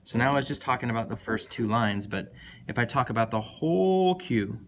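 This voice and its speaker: Man explaining a sonnet, chatty and enthusiastic, mid-pitched voice, faint hiss behind. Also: animated, brisk. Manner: enthusiastic, thinking aloud with many "like" fillers. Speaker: teacher. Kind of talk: casual lecture on poetry.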